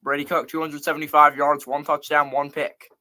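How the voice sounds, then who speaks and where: Bright-voiced man hosting a football recap. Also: a little high, level tone, a little fast. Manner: chatty and rambling, reels off scores and stats. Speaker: sports show host. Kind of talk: casual live college football recap.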